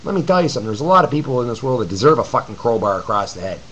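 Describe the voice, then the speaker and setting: A man's voice: mid-range voice, racing, fairly bright tone, a little hiss or hum, poor audio. A man giving a blunt, profane, rambling webcam rant to his viewers from his apartment. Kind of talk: ranting webcam video reply. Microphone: camcorder mic.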